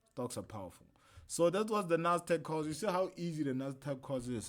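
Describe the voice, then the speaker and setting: A man's voice: medium pitch, a little mellow. A man casually teaching a trading lesson on a livestream, talking loosely and chattily and often checking in with "right?". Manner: loose and chatty, keeps asking "right?", slangy asides. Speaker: trading instructor streaming a lesson.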